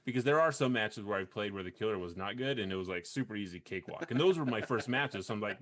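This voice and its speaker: A man hosting a video game podcast in casual chat, rambling with frequent restarts and quick laughs. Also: lowish voice, expressive, a bit bright. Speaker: podcast host.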